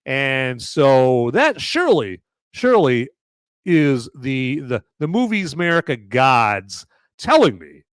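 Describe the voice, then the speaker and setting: A man's voice: mid-range voice, takes it slowly, clean tone, no room sound. A man hosting a podcast, reviewing a beer in a rambling, casual way and often checking in with "okay?". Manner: rambling and animated, often tagging lines with "okay?". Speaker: podcast host.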